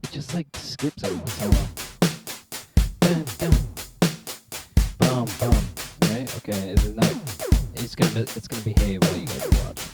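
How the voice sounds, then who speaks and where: A man's voice: lowish voice, quick pace, hardly any pauses, loud music behind the voice. A man chatting casually on a live stream about his synth gear, rambling, swearing, and mocking himself. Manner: rambling, profane, self-mocking.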